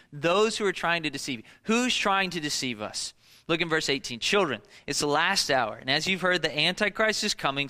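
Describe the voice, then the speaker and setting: A man in his thirties preaches in a loose, chatty way, leaning on filler words as he tells stories. His voice sits high and sounds very bright and crisp, and it leaps higher still when he wants to stress a point. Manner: conversational storytelling with many fillers; animated, jumps up in pitch for emphasis. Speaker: pastor. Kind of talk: sermon.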